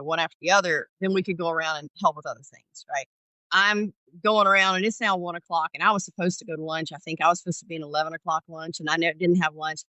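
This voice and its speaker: In a storytelling interview on a podcast, a middle-aged Georgia woman who used to be an ER paramedic shares candid stories, acting out the dialogue with animation. She speaks in a low, sharp voice. The audio is dry and low in quality.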